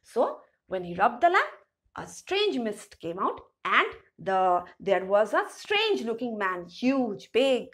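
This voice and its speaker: Lively woman teacher retelling a story. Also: fairly high pitch, slow. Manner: reads each sentence, then retells it in simpler words; asks rhetorical questions to the class. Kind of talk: storybook lesson explanation.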